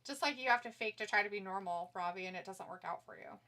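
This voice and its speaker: A woman's voice: mid-range voice, fast talker, sharp tone. A woman co-hosting a live stream, chatting casually, teasing and laughing often while reading viewer comments. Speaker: stream co-host.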